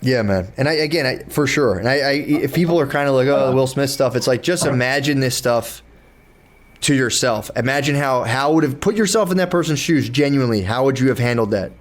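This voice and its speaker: A young man chatting on a podcast at a middle pitch. He rambles, restarts his sentences and swears freely, slipping into little acted-out inner voices to make his point. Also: brisk, a little hiss or hum. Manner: loose, rambling, profane, with frequent restarts and acted-out inner dialogue. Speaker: podcast host. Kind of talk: casual podcast chat.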